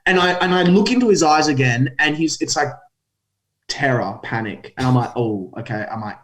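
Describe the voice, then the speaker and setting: Young australian bloke, animated storyteller, high-ish voice that jumps around, very casual podcast banter. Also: male voice, fast talker. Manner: animated storytelling, laughs often, swears freely. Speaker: guest comedian.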